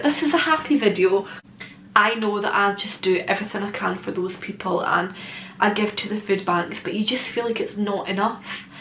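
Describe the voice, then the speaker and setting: Brief: young woman, heartfelt chatty vlogger, mid pitch, roomy echo, faint hiss. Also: a bit bright. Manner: candid, emotional, swears casually. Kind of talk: casual Q&A vlog. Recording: echoey room with faint noise.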